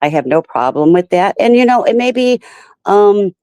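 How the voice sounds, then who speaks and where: A woman's voice: medium pitch, very animated, moderate pace, mellow, smooth, no echo. A woman hosting a casual livestream, talking in an upset, rambling way and greeting her viewers by name. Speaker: livestream host. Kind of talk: casual live-stream talk to viewers.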